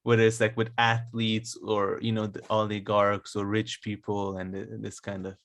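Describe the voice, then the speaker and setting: A man's voice: fairly low pitch, completely flat delivery, normal speed, no room sound. Easygoing male podcast co-host. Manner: laughs often, steers the conversation. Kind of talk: casual chat.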